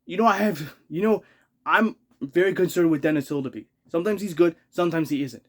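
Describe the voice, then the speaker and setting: A man's voice: a little high, a little fast. A man ranting as a hockey fan in a vlog, exasperated, repeating himself and swearing in rising outbursts.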